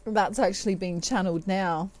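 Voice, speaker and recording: A woman's voice: medium pitch, fairly even intonation, normal speed, a little mellow. A middle-aged woman giving a tarot reading, laughing often and acting out quoted lines. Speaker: tarot reader.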